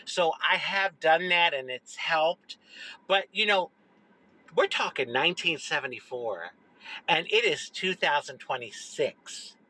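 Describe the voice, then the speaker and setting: Bright-voiced woman telling a childhood story. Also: unhurried, poor audio. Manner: expressive, animated, dropping low for emphasis. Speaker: social media storyteller. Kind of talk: personal storytelling to camera.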